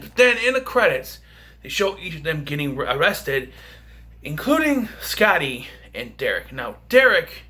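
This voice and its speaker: A man talks through a film review in a loose, rambling way, full of fillers and restarts. His voice is bright and a little high. His pitch bounces around animatedly. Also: sing-song, unhurried. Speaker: movie reviewer. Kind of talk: casual film review vlog.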